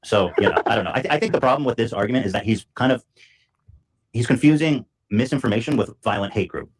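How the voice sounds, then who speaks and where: A man's voice: mid-range voice, expressive, quick pace, husky, low-quality recording. A man hosting a podcast, chatting casually and rambling with restarted sentences. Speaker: podcast host.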